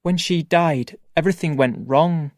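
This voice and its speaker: Very slow careful reader for language learners, close mic, dry. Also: medium pitch, no room sound. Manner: slow, clear, carefully paced reading. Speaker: audiobook reader. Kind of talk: first-person graded-reader narration for learners.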